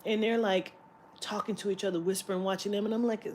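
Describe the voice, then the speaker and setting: A woman's voice: medium pitch, fast talker. A woman vlogger telling a story in a casual, profane rant, now and then mimicking the people she met. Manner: profane, animated, mimics clerks' voices.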